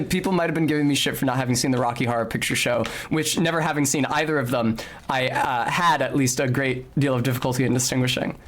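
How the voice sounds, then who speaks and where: A man's voice: medium pitch, fairly bright tone. A man streaming a video game, chatting casually with precise, articulate diction and sudden bursts of swearing at the game. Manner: talks of sounding like a snob. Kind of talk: casual gameplay commentary.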